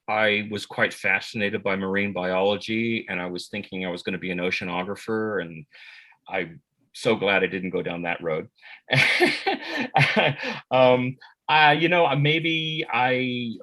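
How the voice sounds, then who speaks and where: An American man who works as an actor and voice actor, answering interview questions in a relaxed, rambling way with many fillers and restarts. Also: lowish voice, poor audio. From United States.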